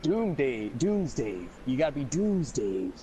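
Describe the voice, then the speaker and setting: A man's voice: mid-range voice, sing-song, measured pace, over a noisy crowd, rough recording. A man in casual chat, rambling with many restarts, laughing and swearing. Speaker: podcast co-host.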